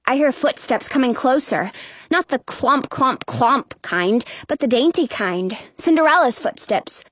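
Woman reading a kids' story out loud, high voice going all over the place, slow. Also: lively intonation, dry recording. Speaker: audiobook narrator. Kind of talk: first-person storybook narration.

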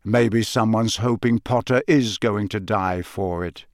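A gruff old wizard with a growl in his voice, as a man puts him on, loud, slow and weighty. He lets each line drop heavily, with blunt menace. Dry, close storybook sound. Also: a little high, expressive, no echo.

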